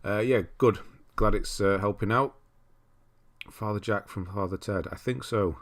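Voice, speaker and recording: A man's voice: lowish voice, unhurried. Chatty British host greeting his stream viewers. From Britain. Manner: chatty, greets chat viewers by name, rambling. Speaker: livestream host. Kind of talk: casual livestream chat. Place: cold room at home.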